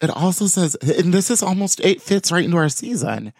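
A man's voice: sits high, animated, a little fast, a little mellow, no room sound, clean studio sound. Man casually reading crime news. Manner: reads articles aloud with offhand asides. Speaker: podcast host. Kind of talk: casual podcast chat reading news stories.

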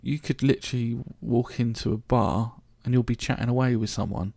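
London bloke for a solo podcast: gravelly, low-ish voice, dry close sound, rambling and jokey. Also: male voice, fairly even intonation, fairly quick, a little mellow, dry recording. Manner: chatty, joking, rambling. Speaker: podcast host. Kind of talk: casual solo podcast monologue.

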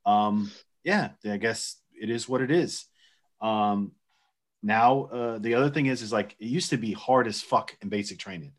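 A man's voice: fairly low pitch, moderate pace. A man in his forties, an army veteran co-hosting a podcast, making emphatic profane points in casual chat.

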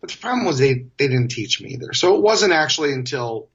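A man in his forties, a guest telling stories in a casual, animated way, often laughing as he talks. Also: fairly high pitch, quick pace, breathy edge, highs cut off. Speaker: interview guest. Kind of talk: casual storytelling.

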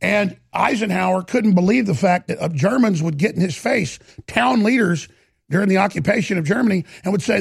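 A man's voice: high voice, a little fast, no room sound, studio quality. A man hosting a talk show, delivering an impassioned, emphatic monologue and often stammering and repeating words. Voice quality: gravelly, raspy.

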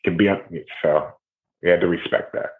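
Middle-aged ohio guy hosting a doc series, rambly animated stories, lowish voice. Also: moderate pace. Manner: rambling, animated retelling with acted quotes. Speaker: documentary series host. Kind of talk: casual interview conversation. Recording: tinny phone-like audio.

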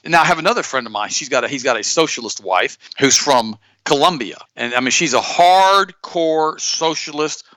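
A man hosting a talk radio show, telling stories and commenting on the news to his co-host in an animated, repetitive way. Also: fairly high pitch, normal speed, few pauses, no echo. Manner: storytelling, animated, repeats himself; addresses co-host directly.

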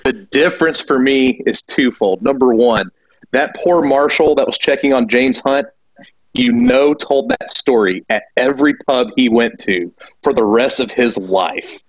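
A man's voice: medium pitch, big pitch swings, measured pace, slightly rough, no echo, muffled recording. A man chatting on a podcast panel in a dry, playful way. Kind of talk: casual chat.

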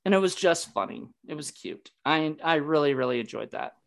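A man's voice: fairly high pitch, expressive, normal speed, gravelly, a bit bright. A man hosting a casual movie discussion, rambling with many fillers and restarts. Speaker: podcast host.

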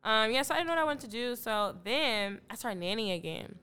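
A woman's voice: a little high, lively intonation, fairly quick, sharp tone, smooth. A young adult woman from Detroit, a podcast guest in casual chat, telling stories animatedly and acting out her own past remarks. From Detroit, Michigan.

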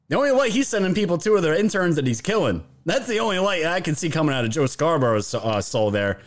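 A man's voice: a little high, sing-song, fairly quick. A male host giving casual, mocking political commentary and talking to his viewers as "guys.".

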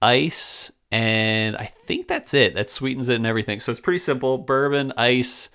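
A man co-hosting a podcast, talking in a relaxed, jokey way with hesitant fillers. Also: mid-range voice, moderate pace, clear, resonant tone. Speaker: podcast co-host. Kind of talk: casual chat.

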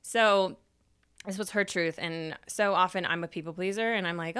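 A young adult woman and podcast host telling a personal story in a casual, animated way, swearing freely and acting out her own past remarks. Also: lowish voice, moderate pace, clean tone, no echo.

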